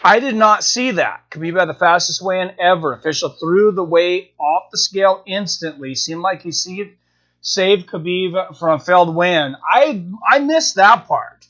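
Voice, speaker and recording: Man, high voice, live stream host, rambling casual chat, full of fillers and restarts, dull lo-fi audio. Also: expressive, normal speed, a bit bright. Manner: rambling, thinking aloud with many fillers and restarts.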